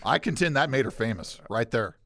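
An enthusiastic, playful man co-hosting a casual chat, his pitch lively and animated. His voice sits close and dry with no room sound. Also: a little fast, no room sound. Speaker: podcast co-host.

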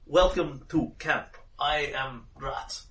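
A man voicing an eager older male refugee merchant who speaks in slow, halting, broken phrases. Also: medium pitch, a bit bright, voice pushed up, lightly acted. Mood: welcoming. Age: 50s. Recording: roomy sound, mic at a distance.

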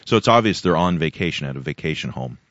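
Man, very low voice, hesitant podcast host, casual, muffled lo-fi sound. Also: expressive, fast talker, fairly bright tone, no room sound. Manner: hesitant, many fillers. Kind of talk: casual conversation. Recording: dull lo-fi sound, dry.

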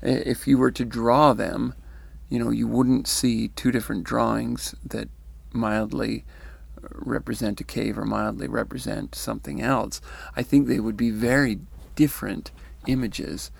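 Male commentator, very gravelly and husky, reflective, pausing often, close and dry. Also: mid-range voice, fairly even intonation, no room sound. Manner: thoughtful, musing, with pauses and restarts. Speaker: commentator reading and discussing near-death accounts. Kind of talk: reflective spoken commentary with read-out quotes.

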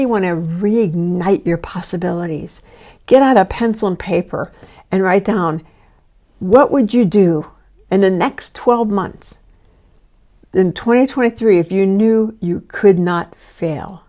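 A woman's voice: lowish voice, a little mellow. A woman in her sixties, a podcast host and life coach, talking listeners through self-help steps in an earnest, instructive way. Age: 60s.

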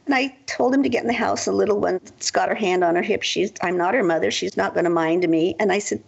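A woman's voice: mid-range voice, steady tone, fairly quick, creaky, breathy edge, muffled recording. A woman who is a guest in an interview, telling spiritual stories earnestly and with many restarts.

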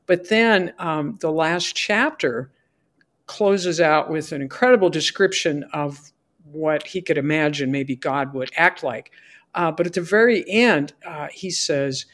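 Her voice is deep, her intonation lively, and her pace a little slow: a middle-aged woman on a podcast giving an earnest testimony of faith. She acts out the prayers and dialogue as she tells the story.

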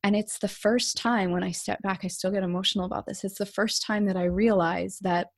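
A woman's voice: mid-range voice, fairly even intonation, a little fast, no room sound, clean studio sound. A middle-aged woman coach telling her own story as a podcast guest, candid and emphatic, acting out the things she once said. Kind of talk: personal storytelling in an interview.

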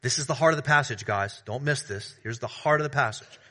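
A man preaching a sermon, reading scripture and then expounding it earnestly, building louder through repeated phrases and dropping soft on asides. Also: mid-range voice, fairly quick. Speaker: pastor.

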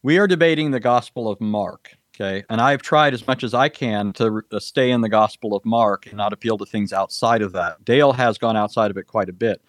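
A man's voice: fairly low pitch, brisk, few pauses, dry recording. Precise man debating scripture, dry sound. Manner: precise, lecturing, cites scripture references. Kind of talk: formal debate answer.

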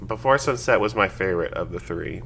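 A man's voice: low voice, lively intonation, a little fast, vocal fry, a loud crowd. A man co-hosting a casual podcast chat, dry and matter-of-fact, a little unsure at times. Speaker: podcast co-host.

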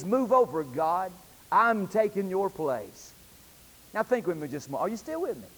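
A man preaches to his congregation, pressing them with rhetorical questions. His voice sits very high, and his delivery rises and falls animatedly. The sound carries a long reverb, as if it was recorded in a church hall. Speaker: pastor. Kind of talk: sermon. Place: church sanctuary.

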